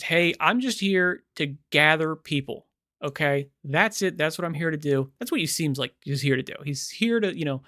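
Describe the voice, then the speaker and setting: Man, reaction host, sarcastic, animated, exasperated, dry close sound. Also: a little high, dry recording. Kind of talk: casual commentary.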